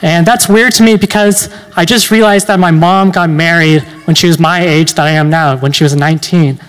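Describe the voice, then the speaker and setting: Young male stand-up, late teens, slightly high voice, deadpan, live in a reverberant hall. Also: fairly quick, smooth. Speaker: stand-up comedian. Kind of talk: stand-up comedy set. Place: university event hall.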